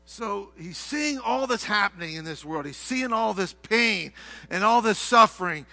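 A middle-aged male pastor with a high, very bright voice. He drops to a hush, then bursts into loud, passionate shouts as he preaches. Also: lively intonation, measured pace, creaky, dry recording. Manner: swings from hushed to shouting. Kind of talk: sermon.

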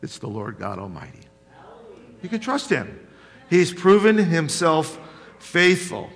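Bright-voiced pastor preaching in an echoing hall. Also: male voice, high voice. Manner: conversational, rising to emphatic with frequent rhetorical questions. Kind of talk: sermon. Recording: long hall reverb.

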